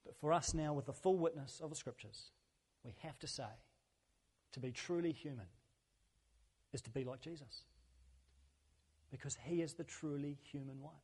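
A male pastor delivers a sermon in a slightly higher than usual voice, earnest and conversational, leaning on repeated phrases to drive each point home. His words ring out with a long reverb that fills the church hall around him. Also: moderate pace, pauses often, darkish tone, slightly rough.

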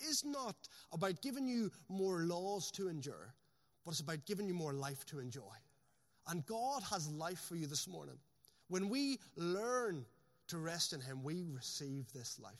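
A man, a pastor preaching a sermon with emphasis, slowing right down to stress his key phrases. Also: sits high. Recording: long hall reverb.

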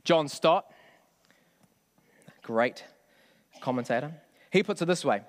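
A man's voice: on the high side, animated, slow pace. A man preaching a sermon in a conversational way, often asking the congregation questions. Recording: long hall reverb.

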